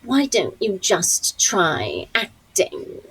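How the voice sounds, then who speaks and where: A woman's voice: medium pitch, wildly swooping pitch, very slow, a bit bright, slightly rough, soft background music, exaggerated voice, rough recording. A woman imitating a dry, withering English grande dame. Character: stern older English actress, dry and cutting.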